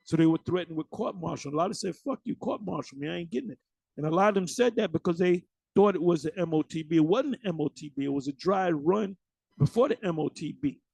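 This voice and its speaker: A high-pitched man with a gravelly, fry-laced voice preaches bluntly and swears freely. He stumbles, restarts and repeats words as he goes, and the sound is dry and close with no room echo. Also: darkish tone. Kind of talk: informal preaching to camera.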